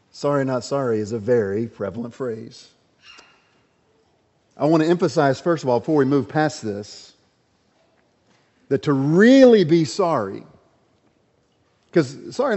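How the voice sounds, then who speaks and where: A man's voice: medium pitch, mellow. A male pastor delivering an evening sermon in a church, speaking in a mid-range voice with a loose, conversational manner and many small fillers. His voice rings with a long reverb and the recording sounds somewhat dull and muffled. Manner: conversational, frequent "uh" fillers, rising emphasis.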